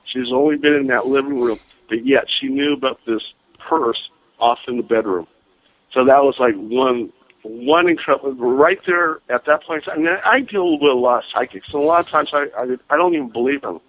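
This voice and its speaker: A man calling in as a guest, telling ghost stories in an animated, excitable way with frequent laughs. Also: medium pitch, normal speed, no room sound. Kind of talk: phone-in storytelling. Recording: tinny phone line.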